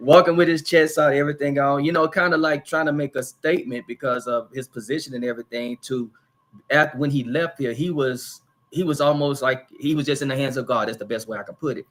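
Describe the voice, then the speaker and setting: A man, a pastor, hosting a live church discussion and telling a story in a lively, animated way. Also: mid-range voice, a little fast. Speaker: pastor and host.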